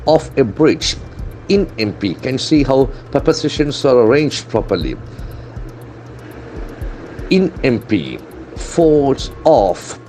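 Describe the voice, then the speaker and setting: A man teaching from newspaper headlines, deliberately spelling out and repeating words. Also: medium pitch, very animated, dark tone, a little hiss or hum. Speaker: English language trainer. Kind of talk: newspaper-based English lesson.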